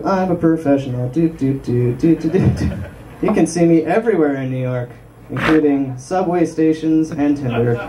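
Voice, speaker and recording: Young male stand-up, higher voice, rambling and self-mocking; miked from a distance with club noise. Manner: rambling self-deprecating jokes with frequent ums. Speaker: stand-up comedian. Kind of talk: stand-up set. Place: small club stage. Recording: distant mic with room noise.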